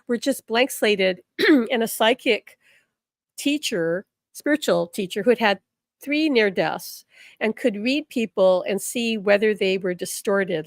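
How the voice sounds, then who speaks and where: A woman teaching a live spiritual class, encouraging and animated, acting out the people she quotes in her stories. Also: medium pitch, no room sound, studio quality. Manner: animated storytelling, quotes people in changing voices; encouraging, repeats affirmations.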